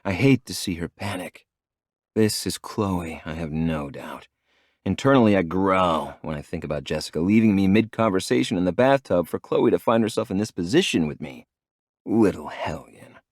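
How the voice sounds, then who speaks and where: A man narrates a romance audiobook in the first person, in a very deep voice. His delivery is low, measured and intimate. The sound is dry and close, with no room around it. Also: animated, a little mellow, dry recording.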